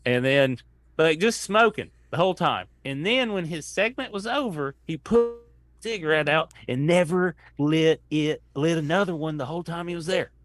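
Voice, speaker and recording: A comedian telling a long rambling anecdote in casual chat, acting out what people said. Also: male voice, on the high side, normal speed, fairly bright tone, soft background music. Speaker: comedian guest.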